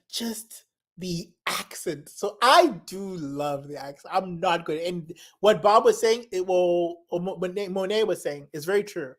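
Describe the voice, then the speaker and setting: Young woman, low-ish voice, rambling casual guest, enthusiastic, laughs a lot. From Zimbabwe. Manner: rambling, enthusiastic, laughs often, repeats herself. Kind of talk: casual chat.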